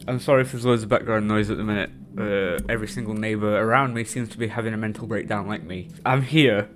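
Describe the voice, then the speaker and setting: A man's voice: fairly low pitch, fairly even intonation, quick pace, few pauses, faint music behind. A young man vlogging casually about a book, rambling and emotional, with nervous laughs. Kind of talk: casual reading vlog.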